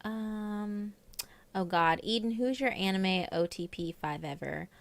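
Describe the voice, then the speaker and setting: A woman's voice: mid-range voice, unhurried, gravelly. A young woman with a light Southern US accent hosting a live stream, chatting animatedly with guests. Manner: chatty, animated fan talk. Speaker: stream host. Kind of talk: casual live-stream chat.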